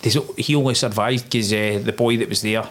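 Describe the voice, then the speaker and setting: A young Scottish man, a former soldier, telling his story in a plain, low-key way during a casual interview. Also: fairly even intonation, moderate pace. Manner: low-key, plain-spoken, recounting events in long runs.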